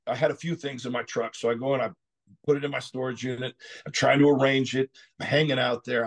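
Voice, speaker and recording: Middle-aged man from Texas, husky and gravelly voice, candid rambling podcast storytelling. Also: medium pitch. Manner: candid, rambling, clears his throat often; frequent "you know" asides. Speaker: guest.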